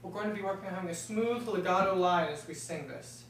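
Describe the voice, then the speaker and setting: A man from Texas with a notably high voice plays an encouraging choir director. He is heard from far off in a very echoey room, with faint ambience behind him. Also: fast talker, fairly bright tone, a little hiss or hum. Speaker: music education student playing a choir director. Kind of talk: role-played choir rehearsal with analysis.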